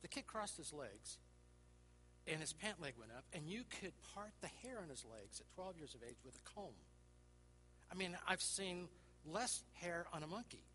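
A man preaching through a personal counseling story, acting out the dialogue, laughing often and dropping to a hushed voice. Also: a little high, big pitch swings, moderate pace, big-room sound, a little hiss or hum, poor audio. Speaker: Christian speaker and counselor.

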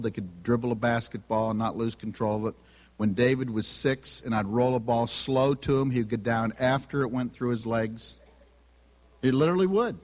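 A man's voice: medium pitch, darkish tone. A middle-aged man giving a sermon full of humorous personal stories about his family, acting out their dialogue. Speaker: speaker on family and spiritual gifts. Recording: long reverb of a large hall.

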